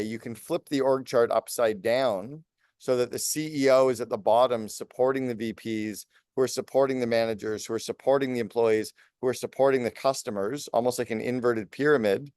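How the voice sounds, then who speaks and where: A man in his late fifties, a business coach speaking as a podcast guest, talking fast and energetically in long lists. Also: mid-range voice, a little mellow, clean tone, no room sound, clean studio sound. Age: 50s. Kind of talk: podcast interview.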